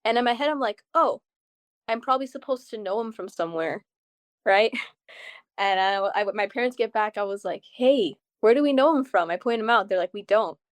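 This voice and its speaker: A young adult woman joins her mother as a guest on an interview show. She tells her stories in a chatty, animated way, full of quick asides. Her voice sits at a middle pitch in a dry, close recording. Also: no echo. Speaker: guest's daughter. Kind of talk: casual interview chat.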